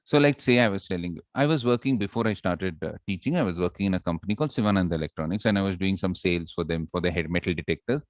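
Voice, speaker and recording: A man with an Indian English accent teaching public speaking in an online class, animated and asking the class for responses often. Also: low-pitched, fast talker, few pauses, dry recording. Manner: animated, audience check-ins.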